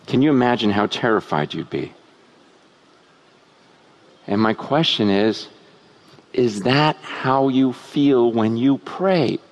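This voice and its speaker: A man preaching a sermon at a tent meeting, moving from hushed, low musings to loud, shouting peaks. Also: slow, long pauses. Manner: animated, swinging from hushed to shouting.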